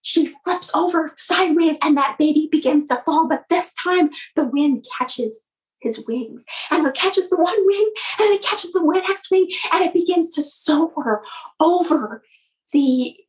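A woman coach telling a motivational story in an animated way, often repeating her words. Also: high voice, a little slow, poor audio.

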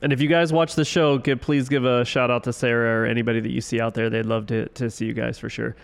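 A man's voice: medium pitch, little pitch movement, fast talker, creaky. A man hosting a casual sports panel game show, teasing his panelists in a playful way.

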